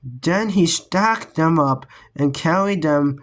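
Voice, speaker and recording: A man reading a children's book aloud in a slow, careful way. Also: a little high, animated, a bit bright. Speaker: reader.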